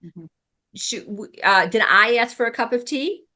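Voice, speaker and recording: A woman's voice: on the high side, normal speed, pushed and bright. A woman leading a workshop for birth helpers, talking casually with many ums and restarts. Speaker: doula trainer. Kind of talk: workshop teaching.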